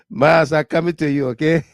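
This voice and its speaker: A man with a Liberian accent hosting a political talk livestream, animated, laughing often and reading viewer comments aloud. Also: a little high, vocal fry, no echo. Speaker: talk show host.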